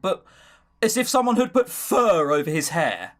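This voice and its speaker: A young man commentates his way through a visual novel, poking fun at the writing with sarcastic asides. His voice sits a bit high and bounces around a lot in pitch. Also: very animated, normal speed, a bit bright. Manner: sarcastic, jokey, giggles at the story. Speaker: let's play host.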